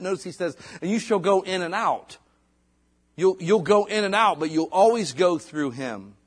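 Folksy, animated male preacher. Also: fairly high pitch, slightly rough. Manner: conversational, folksy preaching with asides and restarts. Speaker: pastor. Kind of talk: sermon.

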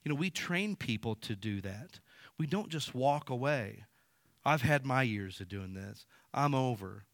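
A man in his fifties preaching a sermon in a casual, animated storytelling way, acting out quotes. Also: mid-range voice, unhurried, dry recording. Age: 50s. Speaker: pastor. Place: church sanctuary.

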